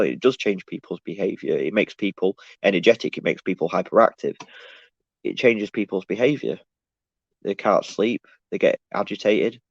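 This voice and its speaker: A man's voice: on the low side, vocal fry, no echo. Rambling man on a dull lo-fi stream. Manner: rambling, restarts sentences often. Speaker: live streamer answering chat. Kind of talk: casual live-stream monologue. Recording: dull, dry lo-fi sound.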